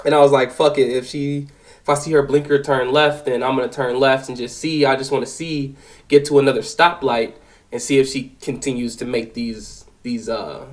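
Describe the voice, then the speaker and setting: A young man in his twenties telling a personal story, animated and profane, with lots of fillers. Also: medium pitch, normal speed, low-quality recording. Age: 20s. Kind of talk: casual spoken storytelling.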